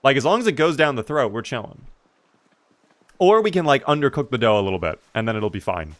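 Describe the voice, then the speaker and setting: Male streamer, mid-pitched, laid-back gaming chatter with sudden excited upswings. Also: brisk, dry recording. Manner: chatty, relaxed, reads and answers chat. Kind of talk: casual live-stream gaming commentary.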